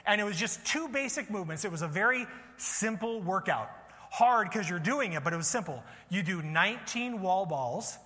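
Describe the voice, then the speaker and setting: Bright-voiced man preaching in a hall. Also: high-pitched, animated, moderate pace. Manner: casual, joking preaching with asides to the congregation. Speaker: pastor. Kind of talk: sermon.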